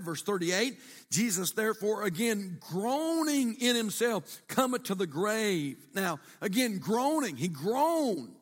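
A pastor with a high-sitting voice and big pitch swings preaches a sermon at a measured pace in a church sanctuary, recorded with the reverb of the hall. He's conversational yet emphatic, repeating himself and asking the congregation questions.

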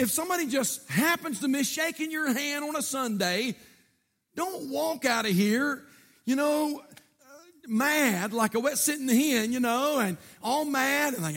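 Male pastor, high-pitched, fiery sermon delivery. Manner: preaching with rising shouts and call-outs to the church.

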